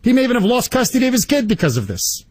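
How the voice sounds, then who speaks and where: A male talk radio host ranting with indignant, rapid-fire energy. His voice is a little husky and sits fairly high, swinging widely up and down in pitch. The sound is dry and close. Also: wildly swooping pitch, a little mellow, no echo. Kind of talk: political talk radio monologue.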